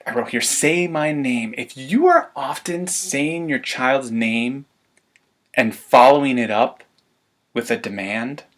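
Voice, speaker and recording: Gravelly-voiced man coaching parents. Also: medium pitch. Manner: lively, laughs often, acts out parent demands. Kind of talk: webinar presentation.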